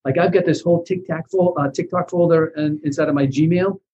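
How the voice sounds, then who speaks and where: Husky male investor guest, animated storyteller, raised pitch, dull lo-fi sound. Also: brisk. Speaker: real estate investor guest. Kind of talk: casual storytelling interview.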